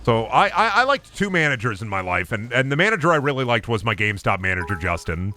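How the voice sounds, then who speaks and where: A man streaming a game, chatting in an animated, rambling, profane way. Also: medium pitch, fast, soft background music. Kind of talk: casual livestream gameplay chat.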